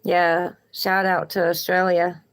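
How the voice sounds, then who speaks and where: A woman's voice: lowish voice, level tone, takes it slowly. A woman with a Southern accent, reading tarot cards on a live stream and chatting encouragingly with viewers. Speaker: tarot reader.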